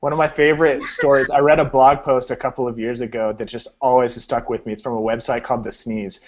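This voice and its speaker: A man hosting a relaxed chat, joking and telling stories with lively energy. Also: medium pitch, fast. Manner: jokey, animated storyteller. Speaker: host. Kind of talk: casual chat. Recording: dull lo-fi sound.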